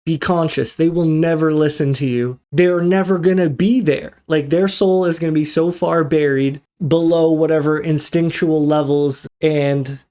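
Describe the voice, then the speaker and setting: A man's voice: a little high, darkish tone, clear, resonant tone. A man hosting his own tech podcast, talking casually and ranting through a story with quoted asides. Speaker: podcast host. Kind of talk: casual solo podcast monologue.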